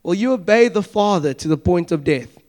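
A man's voice: sits high, fairly quick. A young man preaching a sermon in a casual, conversational way, acting out little dialogues and asking the listeners direct questions. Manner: conversational, animated preaching with asides and acted-out dialogue.

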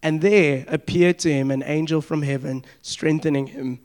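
A man's voice: a little high, normal speed. A young man preaching a sermon in a casual, conversational way, acting out little dialogues and asking the listeners direct questions. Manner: conversational, animated preaching with asides and acted-out dialogue.

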